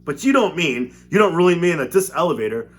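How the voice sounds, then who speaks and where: Frantic shouting old grandfather, pitched way up, read by a male teacher. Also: sing-song, fast. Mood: excited, alarmed. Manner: shouting in high, panicky bursts.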